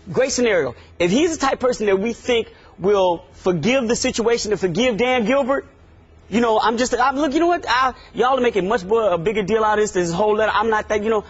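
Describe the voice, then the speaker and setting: Sports debate co-host, male, husky high voice, emphatic, dull lo-fi audio. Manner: animated, emphatic, repeats phrases.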